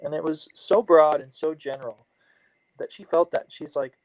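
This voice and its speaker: A man co-hosting a casual chat, relaxed as he tells a story and acts out both sides of a conversation. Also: on the high side, moderate pace, no echo, rough recording. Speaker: co-host.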